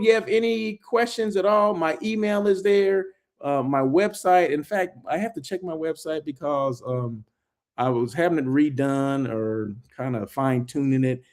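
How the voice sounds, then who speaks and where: A man's voice: sits high, darkish tone. A man hosting a casual live check-in, chatting loosely and thanking viewers by name. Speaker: host of a daily live check-in show.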